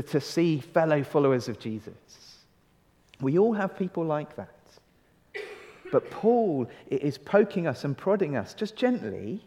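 A man preaches earnestly in a slightly raised voice, drawing out key phrases and pausing on rhetorical questions. His words carry the long reverb of a large church hall. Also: on the high side, darkish tone. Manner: conversational, with restarts and rhetorical questions. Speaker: pastor. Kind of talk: sermon.

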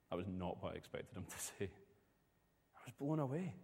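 A man's voice: on the low side, expressive, fairly quick, pauses often, slightly rough, in a large hall. A man preaching a sermon, telling a personal story in a conversational way.

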